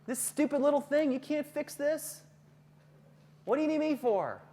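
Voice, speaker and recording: A man voicing an angry, overworked parent who complains loudly and sarcastically. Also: lively intonation, moderate pace, creaky, heavily acted. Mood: indignant. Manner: loud, shrill, sarcastic complaining.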